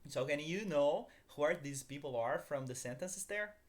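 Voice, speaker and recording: A man's voice: fairly high pitch, lively intonation, normal speed. A man teaching a beginners' language lesson, upbeat, calling his viewers guys and asking them to repeat after him.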